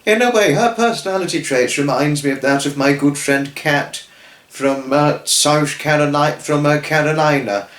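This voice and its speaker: A man's voice: on the high side, moderate pace, a bit bright, reverberant, rough recording. A man hosting his own channel, giving a rambling, effusive spoken tribute to friends, full of restarts and fillers. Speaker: channel host.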